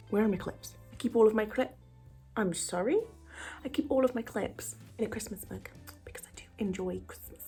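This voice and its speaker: Mellow woman chatting in a put-on American accent. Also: mid-range voice, fairly quick, faint music behind. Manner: chatty, self-teasing, drifts into whispers. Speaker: beauty vlogger. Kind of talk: casual makeup tutorial chat.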